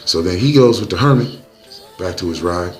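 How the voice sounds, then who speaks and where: Young guy recapping a movie, slangy and jokey, kinda low voice. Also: expressive, normal speed, a little mellow, soft background music. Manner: slangy, loose, joking storytelling. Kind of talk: casual movie recap narration.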